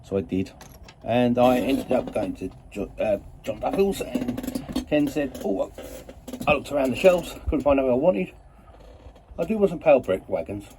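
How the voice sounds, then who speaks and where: A man's voice: mid-range voice, animated, normal speed, darkish tone, slight background noise. A man telling a rambling, chatty story about his week and his model railway, often correcting himself mid-sentence. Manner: chatty, meandering, self-correcting. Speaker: model railway hobbyist vlogger.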